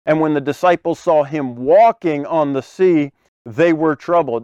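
A man preaching a conversational sermon, animated, acting out scenes with sudden loud bursts and laughing often between phrases. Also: on the high side, normal speed, clear, resonant tone, dry recording.

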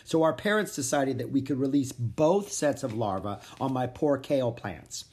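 An expressive narrator reading a children's chapter book aloud. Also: mid-range voice, normal speed. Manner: expressive, animated storytelling. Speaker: audiobook narrator.

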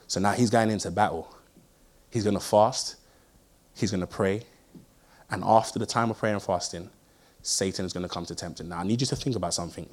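A man's voice: fairly low pitch, fairly quick, long pauses, a little mellow. A man, preaching a sermon, telling stories and driving points home with emphatic repeated phrases. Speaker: pastor.

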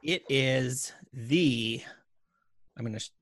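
A man's voice: mid-range voice, takes it slowly, a bit bright, no room sound. A man co-hosting a podcast, chatting casually and laughing often as he reviews a product. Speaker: podcast co-host.

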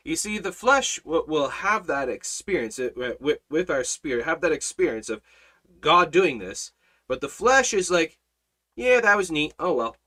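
A man teaching a Bible study in a preaching style, emphatic, repeating words and swinging between loud and soft. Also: fairly high pitch, sing-song, moderate pace.

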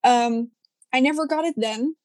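A young Dutch woman, whose first language is Dutch, chatting casually in English with a Dutch accent. Her throat is a little sore, and she talks in an animated, chatty way full of fillers. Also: on the high side, normal speed, dry recording. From Netherlands. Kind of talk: casual chat.

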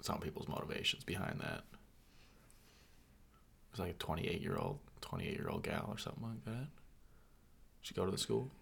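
A man speaks as a guest on a casual podcast, his voice somewhat low and gravelly. He mostly answers in short, dry replies. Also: huge pitch swings, normal speed, pauses often, a bit bright.

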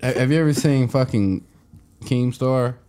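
A young man co-hosting a podcast, joking, swearing and laughing between quick reactions. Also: medium pitch, warm tone, a little hiss or hum. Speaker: podcast co-host. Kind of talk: casual chat.

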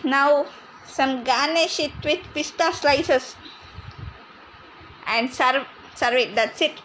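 A woman's voice: high voice, slow pace, fairly bright tone, a little hiss or hum, rough recording. A woman playing a bossy, scolding grandmother in an amateur comedy cooking skit.

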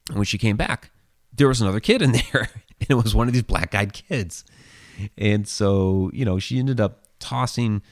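A man with a deep, low voice talks in an easygoing, rambling way, stopping often for fillers and restarting his sentences. He sounds like a show host chatting with his audience. The recording is dry and close, with no room sound. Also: dry recording. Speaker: host reading viewer questions. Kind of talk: casual storytelling chat.

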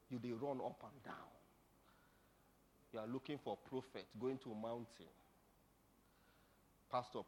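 A middle-aged man with a Nigerian accent preaching a sermon, telling stories and rising to dramatic shouts. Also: mid-range voice, a little hiss or hum.

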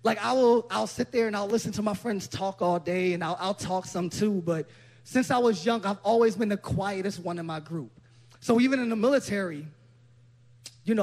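A man preaching a sermon with passion, swinging from quiet, low-key storytelling up to loud shouting. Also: creaky. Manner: impassioned, builds to loud shouting.

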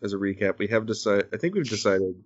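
Man in his thirties, casual chat, joking and rambling, lowish voice, muffled lo-fi call sound. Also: fast talker. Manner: joking, rambling, self-deprecating. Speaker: podcast host. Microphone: phone call.

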